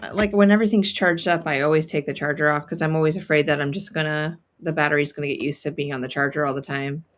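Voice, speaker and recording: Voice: mid-range voice, fairly even intonation, quick pace, few pauses, fairly bright tone, slight background noise. A co-host chats casually over a livestream, easygoing and talkative. Now and then the voice slides into a nasal way of saying things. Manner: chatty, slips into a nasal family accent for fun.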